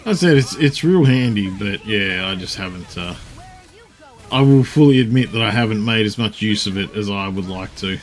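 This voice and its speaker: A man's voice: on the low side, animated, moderate pace. A man streaming a game, chatting casually in a rambling, swear-laden way with frequent fillers. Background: faint game music.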